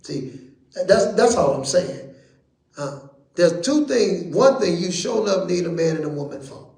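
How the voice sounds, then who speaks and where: Male preacher, high pitch, folksy call-and-response delivery with bursts of shouting, roomy church echo. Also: expressive, measured pace, gravelly. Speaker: bishop teaching Bible study. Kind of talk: lively preaching to a congregation.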